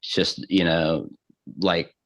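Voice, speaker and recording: A man as an interview guest, telling a personal story in a halting way, with restarts and acted-out dialogue. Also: sits low, fairly even intonation. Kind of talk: casual storytelling. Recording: dull lo-fi audio.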